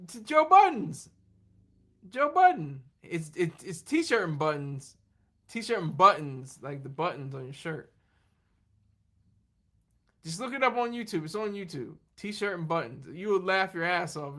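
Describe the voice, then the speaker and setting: Very animated despite being tired, the host keeps a measured pace, voice bright, forceful and mid-pitched. The talk wanders casually, broken up by frequent laughs and responses to comments from viewers, the whole thing running on fumes.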